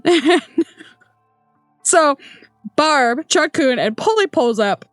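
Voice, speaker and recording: A woman's voice: a little high, big pitch swings, a little slow, fairly bright tone, dry recording. A young woman casually telling a work story, chatty, with many ums and little laughs. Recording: dry close sound, faint music behind.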